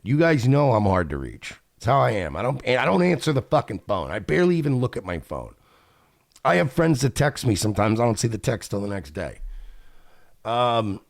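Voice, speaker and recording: A man's voice: lowish voice, creaky, dry recording, studio quality. A man hosting a radio show, telling a profane, exasperated story and acting out both sides of the conversations. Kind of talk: casual storytelling rant.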